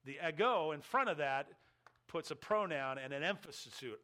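Male pastor, bright forceful voice, slightly high, emphatic teaching sermon with dry humor. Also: animated, moderate pace. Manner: teaching, emphatic with wry asides.

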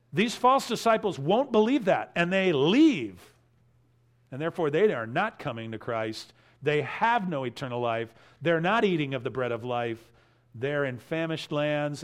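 A man preaching an expository sermon, emphatic, repeating key phrases and swinging between loud stresses and quiet asides. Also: fairly high pitch. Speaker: pastor.

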